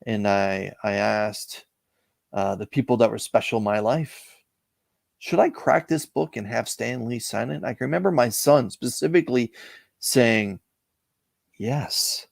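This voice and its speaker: Man, middle-aged, from Canada, gravelly voice, dry close sound, reflective storytelling. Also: mid-range voice, animated, dry recording. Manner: measured, reflective storytelling with frequent "uh" pauses. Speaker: interview guest, comic collector. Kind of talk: casual storytelling interview.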